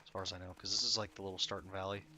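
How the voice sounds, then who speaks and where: A man's voice: sits low, little pitch movement, very fast, sharp tone, a little hiss or hum. A sleepy man streaming a game, chatting casually and rambling, laughing at himself and swearing freely. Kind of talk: casual live-stream commentary. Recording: game music playing underneath. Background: game music.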